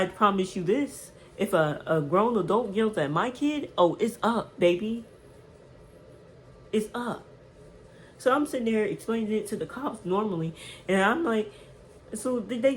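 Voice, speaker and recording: Woman vlogger, casual storytime, emphatic and slangy, mid pitch, faint background hiss. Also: moderate pace, poor audio. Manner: animated, emphatic retelling with slang and repeated words.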